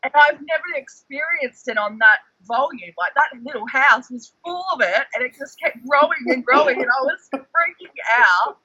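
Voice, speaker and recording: Excitable man, bright tone. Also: extremely high pitch, moderate pace, hardly any pauses, slightly rough, dry recording, lo-fi sound. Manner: excitable, animated storyteller, fillers like "like". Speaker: guest, former reality show contestant. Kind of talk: casual chat.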